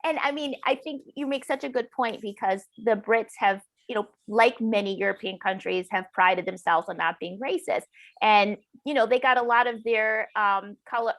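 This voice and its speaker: An American woman author in a conversational interview, animated and laughing, quoting others in mocking voices. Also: medium pitch. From United States. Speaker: author guest.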